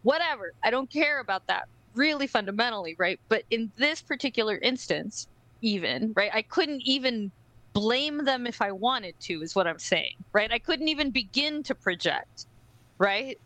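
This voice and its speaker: A young woman with a bright, forceful voice who tells her story with animated energy and keeps checking in with "right?". She swears casually. The sound is dry and close, with no room around it. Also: fairly high pitch, normal speed, dry recording, rough recording. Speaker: podcast co-host. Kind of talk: casual podcast chat.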